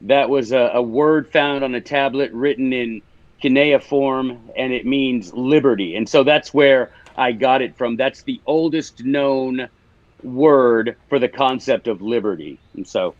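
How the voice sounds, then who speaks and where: A man's voice: mid-range voice, measured pace, no echo, highs cut off. A man with a Memphis accent, a guest author explaining ideas in a casual interview, teaching and restarting as he talks.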